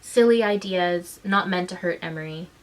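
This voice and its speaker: A woman vlogging as a mother, frustrated and indignant, her voice shaken and close to tears, speaking in halting bursts with many restarts. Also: fairly low pitch. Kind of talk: emotional personal vlog recounting.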